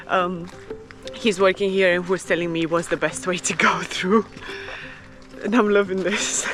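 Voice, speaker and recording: A woman's voice: mid-range voice, normal speed, music in the background. A woman travel vlogger talking casually and with enthusiasm, laughing often, partly while walking outdoors through a rainy garden. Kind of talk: casual vlog talk and voice-over narration.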